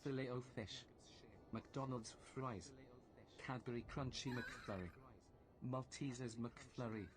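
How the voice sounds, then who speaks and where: A man reading out a list in a flat, steady way, played from a clip. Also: mid-range voice, takes it slowly.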